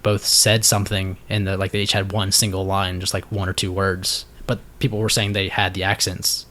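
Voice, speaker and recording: A man's voice: deep voice, level tone, normal speed, pushed and bright. Rambling man hosting a podcast. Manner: rambling, lots of fillers and restarts. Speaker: podcast host. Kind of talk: casual chat.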